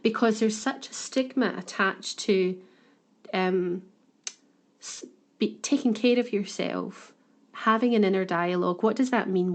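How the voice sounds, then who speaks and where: A woman's voice: mid-range voice, normal speed, darkish tone. A woman co-hosting a podcast, speaking earnestly and thoughtfully in casual chat, often restarting her words. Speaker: podcast co-host.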